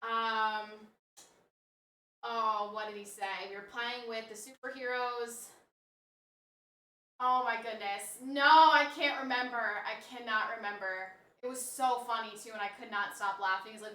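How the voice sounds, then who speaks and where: A woman's voice: fairly high pitch, moderate pace, pushed and bright. A woman streamer chatting casually on a live stream, rambling and answering her chat as she goes. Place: home, room with snake enclosure. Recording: roomy, distant mic.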